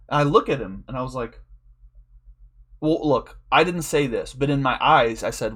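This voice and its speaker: A man's voice: a little high, expressive, moderate pace. A man telling a long, rambling story in a casual, profane way, laughing often as a draft league coach.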